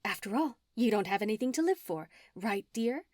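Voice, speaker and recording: A woman's voice: mid-range voice, expressive, normal speed, darkish tone, dry recording, studio quality, natural voice. A woman narrator voicing a scheming, gloating female witch villain in an audiobook, her lines sneering and at times hissed.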